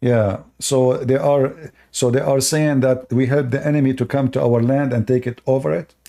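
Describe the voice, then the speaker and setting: Blunt man with a mellow, dark voice. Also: medium pitch, fairly even intonation, moderate pace, creaky. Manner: blunt, dismissive, repeats words. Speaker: host. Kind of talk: live-stream debate talk.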